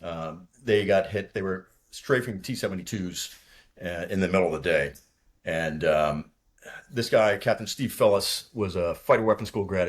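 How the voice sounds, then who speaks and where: A man in his sixties from the Boston area, with a fairly low voice. He tells war stories in a loose, profane, laughing way and acts out radio calls as he goes. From outside Boston, USA. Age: 60s. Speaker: guest, retired fighter pilot. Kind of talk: casual war storytelling.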